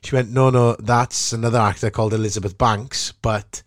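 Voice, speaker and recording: A Welsh man hosting a podcast, telling an animated story and laughing easily. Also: on the low side, fairly quick, no room sound, studio quality. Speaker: podcast host, actor. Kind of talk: casual chat, storytelling.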